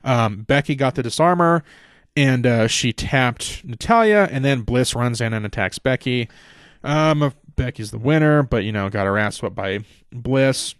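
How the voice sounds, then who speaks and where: A man's voice: medium pitch, expressive, measured pace, smooth, no echo, studio quality. A man hosting a podcast, recapping a show in a casual, rambling way with lots of swearing and fillers. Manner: rambling, profane, many fillers. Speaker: podcast host.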